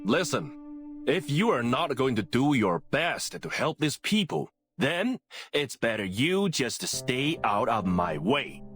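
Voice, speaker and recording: Game role: a prickly private eye, drawling and scornful, low-ish voice, light music under him. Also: male voice, big pitch swings, slow pace, a bit bright. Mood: sneering. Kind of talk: video game voice acting.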